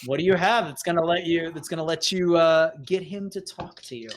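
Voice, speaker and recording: A man narrating a tabletop game as game master, rambling and animated, with lots of fillers. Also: fairly high pitch, fairly quick, background noise.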